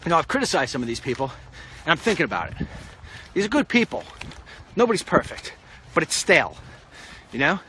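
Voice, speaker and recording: A man's voice: on the high side, wildly swooping pitch, fairly quick, long pauses, sharp tone. A man walking outdoors while giving a blunt, rambling political monologue straight to the camera, with street traffic passing. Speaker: political commentator. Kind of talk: walk-and-talk vlog monologue.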